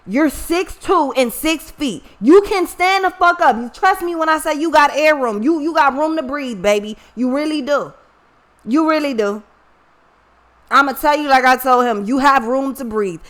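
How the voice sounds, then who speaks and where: A woman's voice: high-pitched, a bit bright. A woman talking straight to her viewers in a blunt, profane, scolding style as a card reader, mixing in a personal story. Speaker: tarot reader. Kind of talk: blunt casual monologue to viewers.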